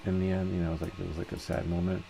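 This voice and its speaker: A man's voice: deep voice, very fast, gravelly, faint music behind. A man hosting a casual 3D printing tutorial, thinking aloud step by step as he works. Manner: relaxed, thinks aloud step by step while working. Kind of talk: casual screen-share tutorial narration.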